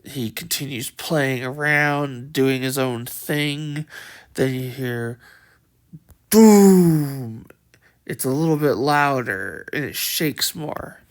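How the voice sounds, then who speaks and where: A man casually pitching a game idea, rambling with lots of fillers and swearing. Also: takes it slowly, a bit bright, clear, resonant tone. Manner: rambling, profane, full of fillers. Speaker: video creator.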